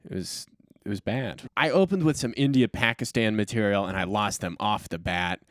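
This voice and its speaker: A man's voice: on the low side, normal speed, no room sound. Man, stand-up comic, self-deprecating rambling chat, dry close sound. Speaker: stand-up comedian guest. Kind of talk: casual podcast chat.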